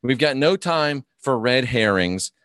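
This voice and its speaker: A man's voice: mid-range voice, lively intonation, unhurried, a bit bright, no room sound. A man hosting a live stream, ranting and mocking his opponents while reading viewer comments aloud. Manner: mocking, combative, reads chat comments aloud.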